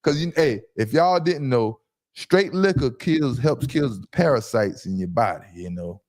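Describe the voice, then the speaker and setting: A man hosting a casual sports talk livestream from home, loud and brash, trash-talking his commenters. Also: mid-range voice, lively intonation, unhurried. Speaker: podcast host.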